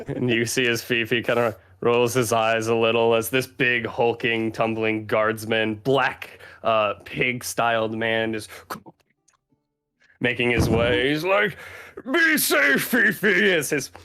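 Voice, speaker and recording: A man narrating a tabletop game as game master, unhurried and laughing at his own character voices. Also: mid-range voice, fairly even intonation, a bit bright, clear, resonant tone.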